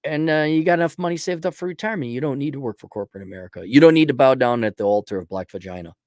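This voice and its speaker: A man's voice: mid-range voice, racing, darkish tone, no echo, clean studio sound. A man hosting a show, giving blunt, crude, sarcastic advice in a casual rant to a viewer. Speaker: host answering a viewer question.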